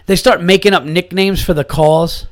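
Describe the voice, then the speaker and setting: A man's voice: sits high, fairly even intonation, moderate pace. A man hosting his own podcast as a comedian, ranting in a casual, incredulous way and swearing often.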